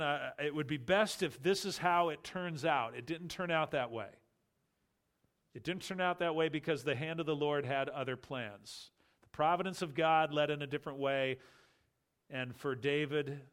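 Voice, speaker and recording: Measured man reading scripture aloud. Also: medium pitch. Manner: measured, grave, slows and softens on sorrowful passages. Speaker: Bible teacher.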